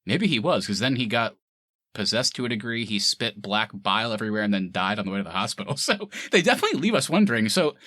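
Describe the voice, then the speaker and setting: A man chatting about a film on a podcast, lively and animated, often slipping into quoted voices. His voice is bright and swings up and down a lot. The sound is dry and close. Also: fairly low pitch, fast talker, dry recording. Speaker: podcast co-host reviewing a film. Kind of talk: casual chat.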